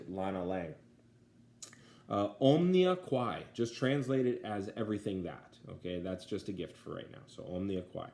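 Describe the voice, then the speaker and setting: Low-voiced man teaching Latin vocabulary. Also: a little mellow. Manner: patient, repeats each word twice, many fillers. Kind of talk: vocabulary lesson.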